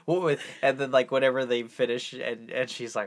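A man's voice: medium pitch, steady tone, a little fast. A man co-hosting a casual podcast, rambling through an episode recap with many fillers and chuckles. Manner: rambling, filler-heavy, amused. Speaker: podcast co-host.

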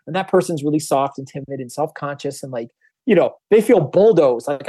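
A man talks at a rapid clip in a fairly high voice, a music producer chatting casually. He acts out the people in his stories and drops the odd curse word. The recording is dry and close, with no room sound. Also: no room sound. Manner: fast, animated storytelling, acting out other people's voices; swears casually. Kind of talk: casual podcast chat.

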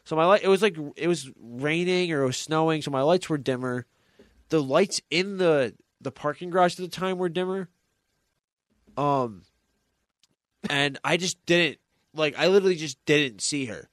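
A man's voice: fairly high pitch, normal speed, no room sound, clean studio sound. Rambling young man telling a story. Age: young adult. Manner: rambling storyteller with many restarts. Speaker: podcast host. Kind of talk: casual chat.

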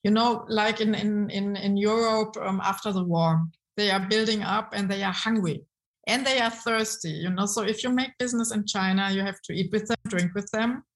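A woman's voice: mid-range voice, moderate pace, rough recording. Woman being interviewed, chatty storyteller, lots of ums. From Germany. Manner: lively storytelling with frequent um and restarts. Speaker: guest, brand consultant. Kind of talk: casual interview talk.

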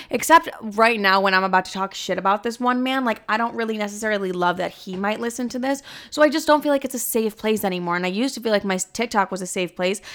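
A woman's voice: mid-range voice, a bit bright. A young woman hosting her own podcast, chatting casually in a playful, profane, gossipy way. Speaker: podcast host. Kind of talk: casual chat.

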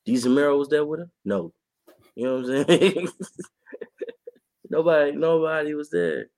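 A man co-hosting a podcast and reporting on sports, talking in a casual, animated way and laughing often. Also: fairly high pitch, unhurried, gravelly, dry recording. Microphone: podcast mic.

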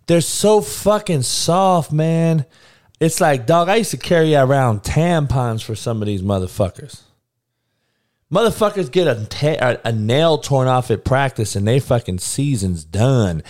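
A man's voice: medium pitch, big pitch swings, a little slow, darkish tone. A man ranting bluntly and profanely in casual talk, laughing between heated points.

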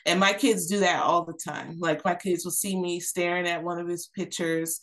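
A woman in her thirties speaks as a podcast guest in a fairly low voice. She talks earnestly and reflectively, circling back with fillers and restarts as she finds her words. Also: level tone, moderate pace, hardly any pauses, a bit bright. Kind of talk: candid personal conversation.

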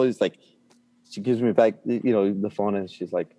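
A man's voice: fairly low pitch, normal speed, mellow. Laid-back man telling a story. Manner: laughs often, many fillers and restarts. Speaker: guest. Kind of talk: casual storytelling.

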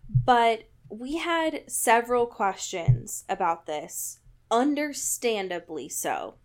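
A woman's voice: a little high, big pitch swings, takes it slowly. A woman in casual chat, recapping a book with sarcasm and frequent laughter. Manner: sarcastic, laughs often, reads passages in mock voices. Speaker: podcast co-host.

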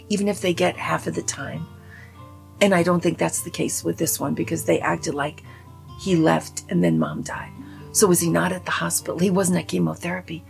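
A woman giving a casual spoken movie review in an animated, opinionated, rambling way full of asides. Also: fairly low pitch, creaky. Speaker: film reviewer.

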